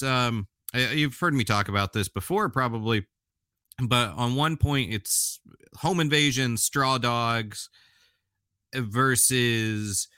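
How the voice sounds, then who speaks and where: A man's voice: fairly low pitch, sharp tone, smooth, no echo, studio quality. A man hosting a podcast alone, chatting casually and enthusiastically, often restarting his sentences. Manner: chatty, enthusiastic, self-correcting with frequent restarts. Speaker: podcast host. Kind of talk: casual solo podcast talk.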